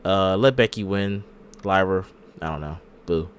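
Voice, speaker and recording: Laid-back low-voiced man hosting a podcast. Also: a little slow, slight background noise. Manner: laid-back, joking, opinionated. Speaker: podcast host. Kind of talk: casual wrestling podcast chat.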